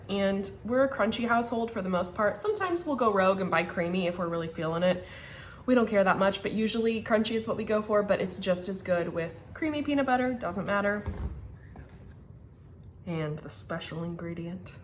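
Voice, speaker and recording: A young woman chatting casually to her handheld camera at home, excitable and a little stuffy from a sinus infection, with laughs and whispered asides. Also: medium pitch, slight background noise. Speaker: vlogger. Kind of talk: casual vlog chat to camera. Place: at home, in a house. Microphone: handheld camera filming herself.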